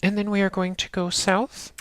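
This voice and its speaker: A woman narrating a game walkthrough in a steady, instructional way, talking the player through each step. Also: medium pitch, normal speed. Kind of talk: casual let's-play walkthrough narration.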